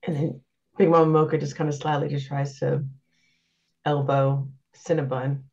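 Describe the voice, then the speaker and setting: A woman's voice: sits low, flat delivery, moderate pace, darkish tone, dull audio. A woman playing a tabletop game, talking in a hesitant, laughing way. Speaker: player.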